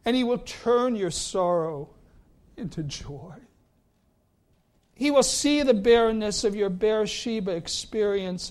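A male pastor preaching a sermon and reading scripture, deliberate, with his voice sinking soft at the ends of phrases. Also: high-pitched.

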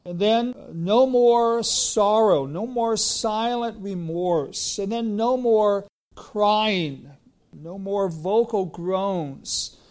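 Slow, high-voiced preacher man. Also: darkish tone. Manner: slow, emphatic preaching with repeated phrases. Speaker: pastor. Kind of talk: sermon.

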